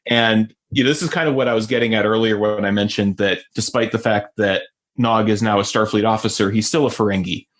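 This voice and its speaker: Lower-voiced rambling male co-host. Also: fairly even intonation, fairly quick. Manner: rambling, many fillers and restarts. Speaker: podcast co-host. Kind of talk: casual chat.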